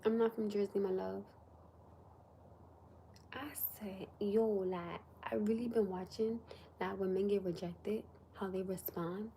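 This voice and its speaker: Woman ranting on a live stream, soft warm voice, bit of hiss behind. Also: mid-range voice, a little slow, long pauses. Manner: animated, drops to whispers for emphasis. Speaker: livestream host. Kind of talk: casual livestream chat.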